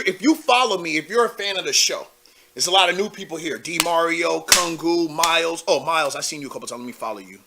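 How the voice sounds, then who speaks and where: Bright high-pitched man hosting a call-in. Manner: loose and conversational, many fillers and asides to viewers. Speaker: live call-in show host. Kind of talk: casual political commentary.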